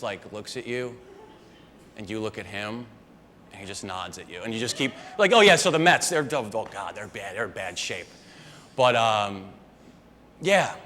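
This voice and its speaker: A man's voice: mid-range voice, a bit bright. A young man doing a live stand-up set, rambling and conversational and swearing often. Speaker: stand-up comedian. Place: live comedy venue with audience. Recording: live room reverb, faint background noise.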